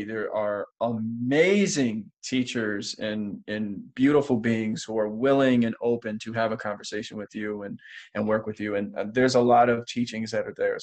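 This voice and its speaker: A man co-hosting a spiritual podcast, talking in an earnest, emotional, rambling way with many restarts. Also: fairly low pitch. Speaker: podcast co-host. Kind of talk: casual spiritual podcast chat.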